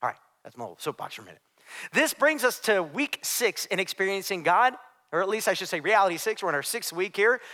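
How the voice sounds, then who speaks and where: A man's voice: high voice, sing-song, quick pace, sharp tone, long reverb tail. A male pastor preaching a sermon in a church, emphatic and conversational, with side notes. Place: church sanctuary.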